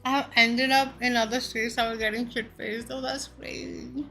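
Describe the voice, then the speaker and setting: A woman's voice: on the high side, flat delivery, normal speed, creaky, pushed and bright, soft background music. A young woman streaming, chatting casually and playfully with her chat and stumbling over tongue-twisters.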